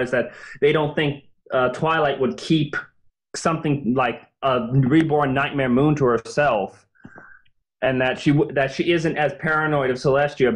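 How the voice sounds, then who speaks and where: A man, a guest author in a casual podcast interview, explaining his reasoning in an earnest, think-aloud way. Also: mid-range voice.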